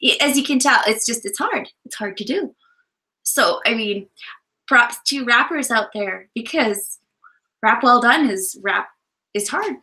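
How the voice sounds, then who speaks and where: A woman's voice: a little high, lively intonation, a little slow, pushed and bright. A woman in her thirties co-hosting a live stream, chatting casually and playfully breaking into song and rap. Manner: playful, jokey, bursts into song. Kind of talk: casual chat, sings and raps along to songs.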